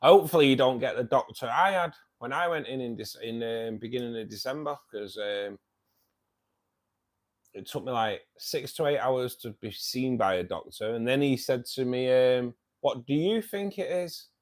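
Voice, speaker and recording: At home near his fish tanks, the host of a fishkeeping club livestream welcomes viewers casually. He speaks at medium pitch and moderate pace, rambling and joking with lots of filler words.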